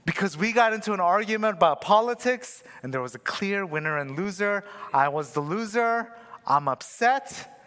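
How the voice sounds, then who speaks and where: A young adult man with a high, bright voice and forceful tone preaches a sermon loosely and conversationally. He tells a personal story and keeps asking his listeners "right?", with a long hall reverb on the recording.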